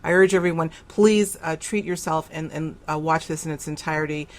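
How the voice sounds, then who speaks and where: Woman, radio host, deep voice, reflective, halting, restarts often. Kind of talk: interview.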